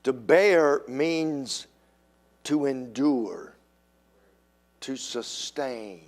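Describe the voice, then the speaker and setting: Slow, emphatic older male preacher. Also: mid-range voice. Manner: animated, acts out quoted voices. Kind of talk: sermon.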